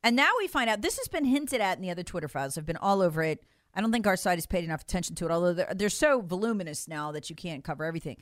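A woman's voice: fairly low pitch, lively intonation, very fast, no room sound, clean studio sound. Impassioned woman talk radio host. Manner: impassioned, emphatic, mocking. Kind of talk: political talk radio commentary.

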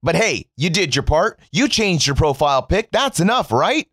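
A man's voice: a little high, very animated, normal speed, a bit bright, dry recording, clean studio sound. An American man giving a sarcastic, profane commentary monologue to his viewers, whom he calls "folks.". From United States. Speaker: political commentator.

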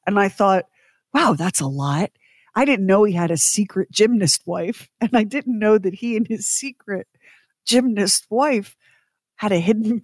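A woman's voice: mid-range voice, dry recording, clean studio sound. Chatty woman radio co-host. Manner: chatty, dramatic, laughs often. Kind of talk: casual radio chat.

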